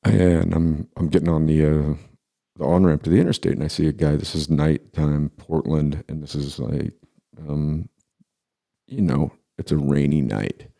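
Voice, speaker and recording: A man in his forties with an extremely deep, gravelly voice tells a personal story in a casual, unhurried way. His tone is dark and mellow, and he often pauses and starts sentences over. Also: fairly even intonation. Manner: halting, with many pauses and restarts.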